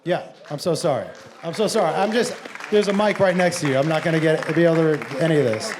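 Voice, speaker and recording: A man doing stand-up storytelling on stage, animated and profane, acting out dialogue and bursting into shouts. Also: a little high, fast, crowd noise, noisy background. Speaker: stand-up comedian. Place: comedy stage before a live audience.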